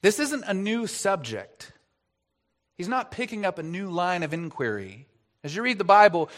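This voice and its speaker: A man preaching an expository sermon as pastor, earnest, asking rhetorical questions and stressing key words. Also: sits high.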